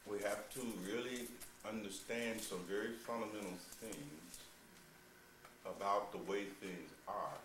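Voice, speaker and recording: A spiritual teacher preaching to a small gathering, his voice carried from a distance in a roomy space with faint ambience behind him. He drops to low, measured lines, then rises into loud, laughing, mocking outbursts, and keeps asking "you see?" and calling his listeners "beloved.". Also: fairly even intonation, background noise. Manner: playful, mocking asides with laughter. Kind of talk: sermon.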